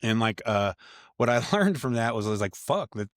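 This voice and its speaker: A man's voice: medium pitch, animated, brisk, no room sound, clean studio sound. A man in his thirties from California, a podcast guest telling stories in a rambling, profane way full of slang. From Grass Valley, California. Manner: profane, slangy storytelling full of dude and bro. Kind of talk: casual podcast chat.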